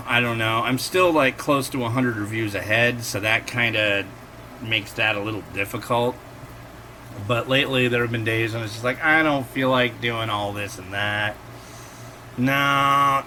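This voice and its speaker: Bright-voiced rambling man, casual vlog. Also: mid-range voice, a little hiss or hum. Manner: rambling and digressive, acts out quotes. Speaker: instant noodle reviewer and host. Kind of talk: casual chatty cooking vlog.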